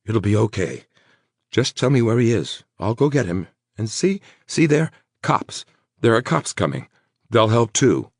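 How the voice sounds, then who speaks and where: Narrator doing a tough protective guy, gravelly, husky, urgent. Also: lowish voice, big pitch swings, unhurried, no room sound, studio quality, pitched above the performer's own voice, heavily acted. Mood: soothing. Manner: urgent, coaxing, swearing when angry. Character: protective tough man, tender to his girlfriend.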